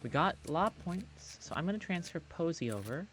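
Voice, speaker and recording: A man's voice: a little high, very animated, moderate pace, a bit bright, a little hiss or hum. A man casually commenting as he streams a management game, chatty and muttering through his choices.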